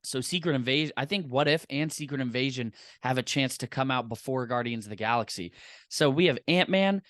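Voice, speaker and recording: A man's voice: mid-range voice, fairly even intonation, fast talker, fairly bright tone, no echo, clean studio sound. A man co-hosting a podcast in casual chat, enthusiastic and rambling. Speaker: podcast co-host.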